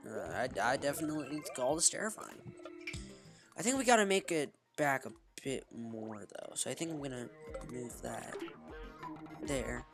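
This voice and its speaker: Give me a deep-voiced woman doing casual gameplay commentary, lively and rambling, with faint music underneath. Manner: rambling, frequent restarts, keeps saying "guys". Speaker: gaming video creator. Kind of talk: casual let's-play commentary.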